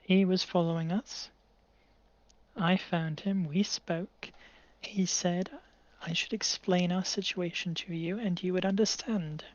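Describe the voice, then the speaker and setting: A calm woman adventurer, as a player puts her on, explaining things patiently in a tabletop game. Her voice sits in a middle pitch and sounds dry, with slightly dull call audio. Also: a little slow, no room sound, natural voice.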